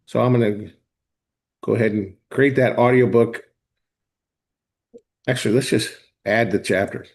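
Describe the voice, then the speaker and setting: A man hosting a live online class, talking viewers through software step by step in a casual, chatty way. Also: medium pitch, steady tone, measured pace. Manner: casual, talks to viewers directly, thinks aloud while clicking. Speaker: host of a software training session. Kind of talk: live screen-share walkthrough.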